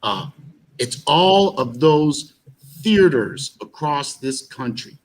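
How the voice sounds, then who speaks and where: A man's voice: a little high, expressive, takes it slowly, low-quality recording. A man telling stories in an interview, rambling with fillers and restarts. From United States. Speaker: actor and musician guest. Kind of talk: animated storytelling in an interview.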